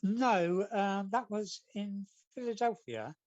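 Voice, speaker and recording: A man's voice: sits high, slow pace, darkish tone, no echo, dull audio. A man, a comic artist being interviewed, telling long rambling anecdotes in a casual chat. He slips into the voices of the people in his stories. The sound is dry, with no room around it. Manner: chatty, rambling storyteller acting out quotes.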